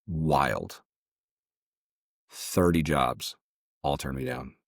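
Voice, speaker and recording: Super low-voiced guy on a podcast, kinda halting, repeats himself, dry close mic. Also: creaky, no echo. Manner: halting, repeats words while recounting. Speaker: podcast guest, jiu-jitsu gym owner. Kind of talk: personal storytelling in an interview.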